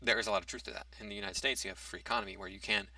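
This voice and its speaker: Male commentator, low gravelly voice, hesitant restarts, dry recording from a distance. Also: steady tone, racing, bright, forceful tone, no echo. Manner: argumentative, reads out a topic then rebuts it. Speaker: commentary vlogger. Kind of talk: casual opinion monologue.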